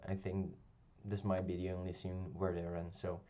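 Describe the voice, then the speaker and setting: A man's voice: low voice, completely flat delivery, moderate pace, dark tone, a little hiss or hum. A man giving a casual spoken review of a television episode, talking hesitantly with many ums and restarts. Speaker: video reviewer.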